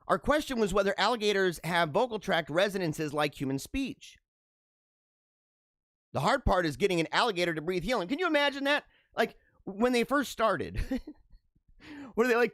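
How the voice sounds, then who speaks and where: Animated high-voiced man riffing on news. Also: normal speed, no room sound. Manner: animated, laughs and riffs between read-aloud headlines. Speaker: show host reading news stories. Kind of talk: casual commentary on news items.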